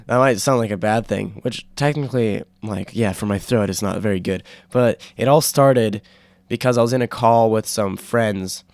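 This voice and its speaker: A young man hosting a casual solo podcast, rambling with fillers and restarts, his throat sore from yelling. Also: fairly low pitch, normal speed, no room sound. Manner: rambling, full of fillers and self-corrections. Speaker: podcast host.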